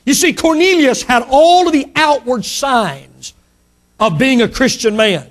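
A man's voice: lively intonation, a little slow. A man preaching a sermon, emphatic, lifting and dropping his voice for effect. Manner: emphatic preaching, rising and falling pitch for effect.

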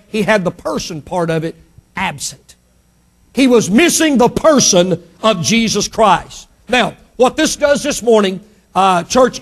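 High-voiced man preaching with fervor. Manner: emphatic preaching, swinging from soft to loud. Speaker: pastor. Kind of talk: sermon.

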